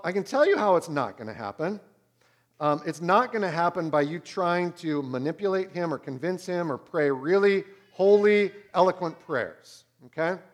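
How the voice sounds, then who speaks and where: A pastor in his thirties preaching a sermon, swinging between loud and hushed. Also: fairly high pitch.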